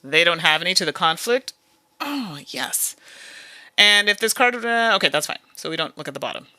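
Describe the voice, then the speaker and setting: A woman's voice: fairly low pitch, expressive, sharp tone, dry recording. A woman hosting a solo board game playthrough, chatting casually as she plays, grumbling at bad luck and laughing at herself. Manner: chatty, self-deprecating, quick to laugh and grumble. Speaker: board game channel host.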